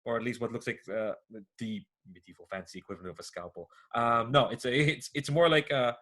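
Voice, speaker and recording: A man's voice: medium pitch, steady tone, a little fast, a bit bright. Rambling male game master. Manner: rambling, many fillers and laughs. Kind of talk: narrating a tabletop game.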